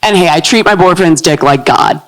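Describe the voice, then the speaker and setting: On a low-quality recording, a thirties-aged woman performs stand-up live in a comedy club. She has a low voice that sounds manly, a deadpan style, and a moderate pace.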